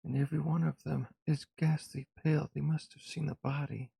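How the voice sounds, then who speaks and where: Gravelly man reading a game aloud. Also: a little high, flat delivery, brisk, mellow, no room sound. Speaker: streamer. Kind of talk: reading a visual novel aloud.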